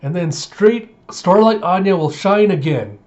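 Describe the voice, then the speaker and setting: A man voicing an excitable, dramatic little girl in a squealing, overexcited voice. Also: sits high, measured pace, pitched above the performer's own voice. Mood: excited. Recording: slightly muffled lo-fi audio.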